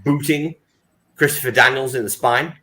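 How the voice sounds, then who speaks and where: A man's voice: mid-range voice, steady tone, normal speed, bright, forceful tone. A man co-hosting a casual podcast. He tells stories emphatically and confidently, like a fan who knows his subject. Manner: emphatic, knowledgeable storyteller. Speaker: podcast co-host. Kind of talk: casual chat. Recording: roomy echo.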